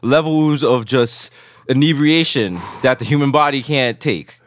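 A man from New co-hosting a comedy podcast, telling exaggerated stories in a deadpan, casual chat. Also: medium pitch, measured pace, no room sound, studio quality. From New York. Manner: deadpan, exaggerated comic storytelling. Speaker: podcast co-host. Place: studio.

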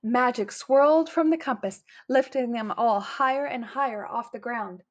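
A woman reading a children's picture book aloud, bringing the characters' lines to life with lively put-on voices. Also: on the high side, moderate pace, muffled recording. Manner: animated, putting on lively character voices for quotes. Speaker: storybook reader.

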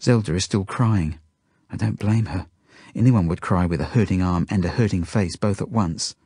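A man's voice: deep voice, normal speed, mellow, husky, no echo, clean studio sound. A man reading his own book aloud, telling it earnestly in the first person. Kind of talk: audiobook narration.

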